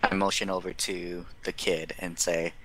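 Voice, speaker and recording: Deep, flat-voiced man playing a tabletop game. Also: normal speed. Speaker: player. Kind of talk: tabletop game role-play.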